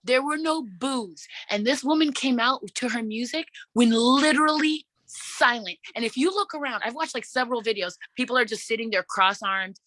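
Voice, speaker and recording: A woman hosting a casual wrestling podcast, excitable and swearing often, acting out her own reactions as she tells a story. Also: on the high side, normal speed, few pauses, no echo. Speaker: podcast host.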